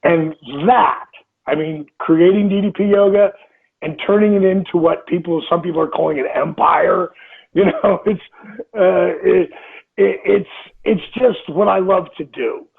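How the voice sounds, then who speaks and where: A man's voice: sits high, unhurried, gravelly, slightly rough. A man in his sixties giving a motivational interview, emphatic, repeating phrases and acting out inner voices. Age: 60s. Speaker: interview guest. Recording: tinny phone-like line.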